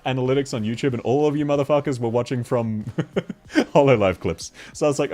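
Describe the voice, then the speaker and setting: A man's voice: medium pitch, animated, normal speed, long pauses, a little mellow, faint music behind. A man from Australia with an Australian accent, chatting casually on a live stream, laughing often as he answers chat.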